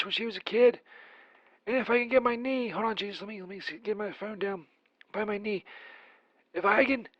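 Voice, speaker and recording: A man's voice: extremely high pitch, no room sound, dull audio. A man voicing a crude, rambling Saint Peter who leaves a profane voicemail full of filler words, as a comedy bit.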